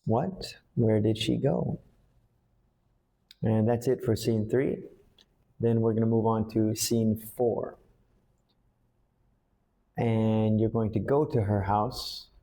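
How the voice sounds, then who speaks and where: A man, an English teacher, coaching a student through lines for a school play with slow, patient explanations. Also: on the low side, little pitch movement, dark tone.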